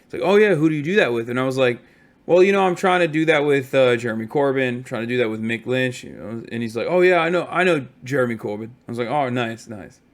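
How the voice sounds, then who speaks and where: A tired man streaming from a hotel room, telling stories in a casual, profane, animated way. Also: mid-range voice, quick pace. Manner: profane, animated storytelling with mock quotes.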